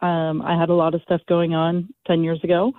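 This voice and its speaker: A woman from California calling into a talk show, emotional and halting, with many restarts. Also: lowish voice, completely flat delivery, dry recording. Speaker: caller. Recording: tinny phone line.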